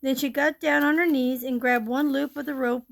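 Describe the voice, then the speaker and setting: A woman steadily reading a ghost story aloud, gently and with small slips. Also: high-pitched, fairly even intonation, moderate pace, gravelly.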